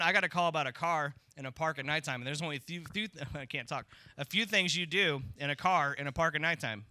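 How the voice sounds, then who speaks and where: A man's voice: a little high, pushed and bright, a little hiss or hum. A man doing a stand-up comedy set in a club, telling stories in a wry, conversational way. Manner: wry, conversational storytelling with tag lines. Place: comedy club stage with audience laughter.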